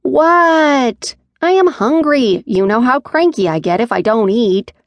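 Woman doing a squeaky whiny little creature. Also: expressive, a little slow, dry recording, highs cut off. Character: small cheeky male creature, always hungry.

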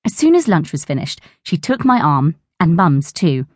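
Woman, children's audiobook narrator, animated pitch, dry studio sound. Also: moderate pace, no echo. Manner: bright, expressive storytelling.

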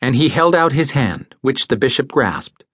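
A man narrating a classic novel as an audiobook, measured and expressive. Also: medium pitch, husky, no echo, clean studio sound.

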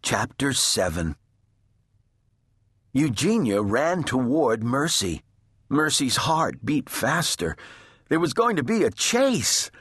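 A man narrating a children's story at a slow, unhurried pace. His pitch rises and falls widely with lively expression, and his voice carries a slight huskiness in a dry, close recording. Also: husky, no echo. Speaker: audiobook narrator.

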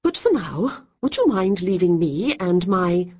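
A woman's voice: on the low side, very animated, a little slow, husky, dull audio, heavily acted. A woman voicing a cross, flustered young woman painter in an audiobook. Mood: indignant. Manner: indignant, flustered.

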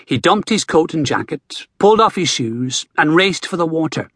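Expressive husky male narrator. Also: on the high side, moderate pace, few pauses, no echo, clean studio sound. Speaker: audiobook narrator. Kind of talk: scripted narration.

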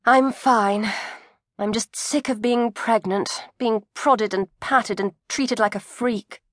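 A woman's voice: a little high, fairly even intonation, slow, no echo. A woman voicing a weary, irritable young pregnant woman with dry, exasperated asides. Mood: wry.

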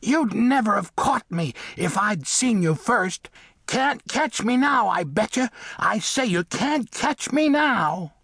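A man voicing a small, cocky male mole in an audiobook, with a husky little voice like a hoarse mouse. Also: high-pitched, expressive, slow, fairly bright tone, no room sound, studio quality, pitched above the performer's own voice, full character voice. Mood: defiant. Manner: defiant, boastful, repeats himself. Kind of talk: audiobook character voice.

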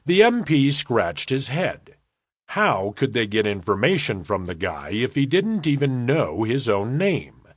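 A man narrating an audiobook in a measured, unhurried storytelling manner, close on a studio mic. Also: medium pitch, big pitch swings, dry recording. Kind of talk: scripted narration.

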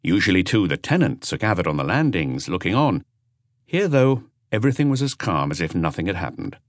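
A man narrating an audiobook in an expressive storytelling manner. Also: sits low, brisk, no echo, clean studio sound. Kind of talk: scripted narration.

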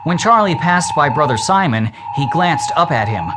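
A man narrating a children's book as an audiobook in a slow, measured reading. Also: fairly high pitch. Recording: loud steady hiss.

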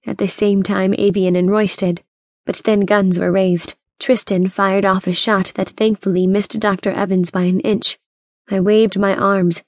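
Female first-person audiobook narrator, steady and even, close dry mic. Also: medium pitch, no room sound. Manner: steady storytelling, voicing characters.

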